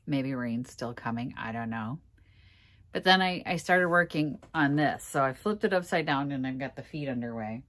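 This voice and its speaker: A woman vlogging casually to camera about a furniture project, halting and sighing, on the verge of tears. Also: a bass voice, lively intonation, a bit bright. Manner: halting, sighing, laughing through frustration. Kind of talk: casual vlog talking to camera.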